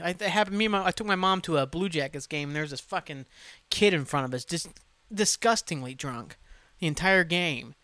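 A man in his thirties hosting a solo podcast, ranting casually with heavy swearing and animated asides. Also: on the high side, a little fast, smooth, no room sound. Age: 30s. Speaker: podcast host.

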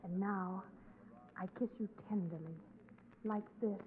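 Brief: coaxing soft-spoken woman, mid pitch, tinny old radio sound. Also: steady tone, measured pace, slight background noise. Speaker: guest star. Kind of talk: 1940s radio comedy. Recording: tinny 1940s radio broadcast.

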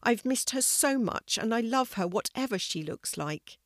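Storyteller doing an excited little girl, high voice, storybook child. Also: moderate pace, dry recording, studio quality, lightly acted. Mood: eager. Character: devoted little girl, eager and loving.

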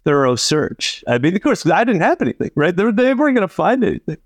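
Animated man telling a story with laughs. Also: high voice, fast talker, no echo, studio quality. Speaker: podcast co-host. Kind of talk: casual storytelling chat.

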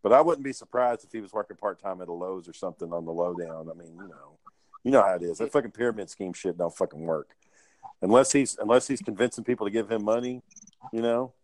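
Profane low-voiced man. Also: fast, a little mellow, no room sound. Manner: profane, storytelling, laid-back. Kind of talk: casual chat.

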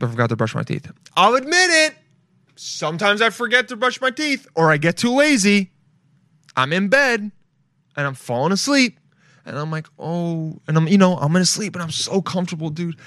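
A fairly high-voiced man talks on his own podcast, drifting from thought to thought and swearing casually. He keeps tossing in "dude" and "bro". His close mic sounds dry, with no room echo at all. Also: a bit bright. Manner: rambling, profane, loose, calls listeners dude and bro. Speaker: podcast host. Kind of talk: rambling solo podcast monologue.

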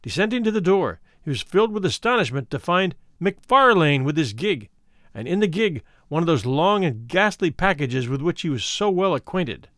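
A man narrating a classic horror tale with an expressive, varied delivery. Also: on the high side, moderate pace, dry recording, clean studio sound. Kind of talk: dramatic audiobook narration.

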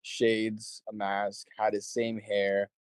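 A man's voice: lowish voice, monotone, takes it slowly, clear, resonant tone, no room sound. Young man telling rambling stories, dry sound. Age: young adult. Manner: rambling storyteller, swears freely, acts out quotes. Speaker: interview guest, show promoter. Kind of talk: casual conversation.

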